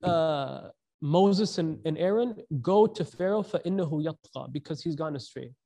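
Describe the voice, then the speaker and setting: A man's voice: on the high side, expressive, fast, vocal fry, mellow. A man giving a conversational sermon, asking the audience questions and mixing in slang. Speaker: preacher.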